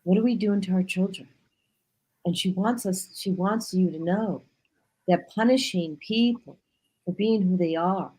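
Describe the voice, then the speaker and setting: A woman's voice: fairly low pitch, unhurried, a little mellow, husky, rough recording. A woman hosting a talk show, speaking emotionally and spiritually and apologizing as she hands over the floor. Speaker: host. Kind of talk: casual chat.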